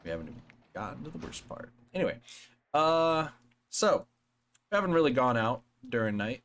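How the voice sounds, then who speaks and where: Animated man streaming a game. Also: medium pitch, normal speed, a little hiss or hum. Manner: animated, laughs easily. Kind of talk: casual let's-play chat, reading game text aloud.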